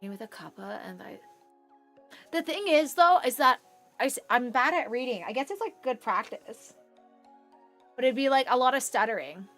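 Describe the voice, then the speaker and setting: A woman's voice: fairly high pitch, animated, normal speed, pauses often, a bit bright, faint music behind. A young woman streaming from her room at home, chatting casually and rambling, with frequent swearing. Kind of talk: casual chat on a live stream.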